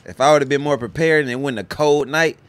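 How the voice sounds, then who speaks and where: A man's voice: on the high side, fast, clean tone. A man co-hosting a podcast, laid-back in casual chat, laughing along with short replies.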